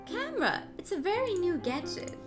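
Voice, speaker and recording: A woman voicing a naive, prim young noblewoman bird in a video game, raising her voice higher and telling her story breathlessly. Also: very animated, normal speed, over music. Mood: excited.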